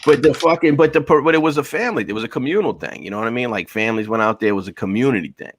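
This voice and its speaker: A man's voice: medium pitch, racing, slight background noise. A middle-aged man, a podcast guest telling rambling, profane stories over a video call and calling everyone bro. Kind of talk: casual storytelling chat.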